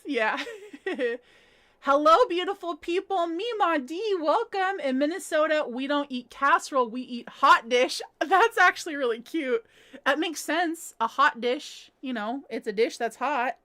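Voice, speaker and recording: A woman's voice: sits high, measured pace, sharp tone. An American woman hosting a casual livestream from home, chatting and answering viewer comments, laughing often and saying "like" a lot. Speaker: livestream host. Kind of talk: casual chat reading live comments.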